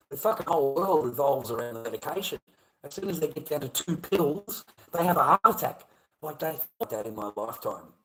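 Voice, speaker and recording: A man's voice: medium pitch, fairly bright tone, low-quality recording. Rambling, swearing Australian man. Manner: rambling, swears a lot, often trails off into mumbling. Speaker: livestreamer. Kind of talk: casual rambling livestream chat.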